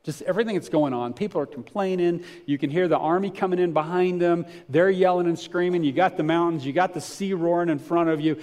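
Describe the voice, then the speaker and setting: A pastor preaching a sermon to his congregation in a conversational way, swelling to emphatic points and dropping to softer reflective stretches. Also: on the high side, fairly quick, hardly any pauses. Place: church before a congregation.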